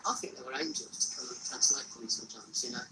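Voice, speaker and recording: A man's voice: mid-range voice, fast talker, background noise. A man, a street evangelist who walks carrying a cross, telling his story earnestly in a casual interview and often repeating words.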